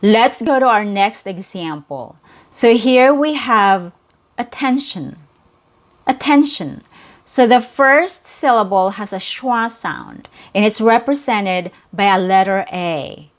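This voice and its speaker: Slow, patient woman teacher. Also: mid-range voice, lively intonation. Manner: patient, repeats and drills sounds. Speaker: English pronunciation teacher. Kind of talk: slow, careful pronunciation lesson.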